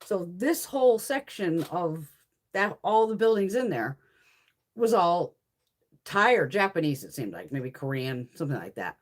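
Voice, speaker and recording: A woman's voice: on the low side, very animated, unhurried. A woman chatting casually while swatching makeup, profane, laughing often and answering viewers' comments. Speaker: beauty haul host.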